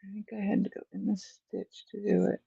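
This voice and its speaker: A woman's voice: mid-range voice, little pitch movement, brisk, gravelly, dark tone, slightly rough, no echo, lo-fi sound. A woman hosting a casual crochet livestream, chatting to viewers and muttering to herself as she works stitches, often apologetic. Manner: chatty, distracted, talking to herself while crocheting; apologetic, yawning.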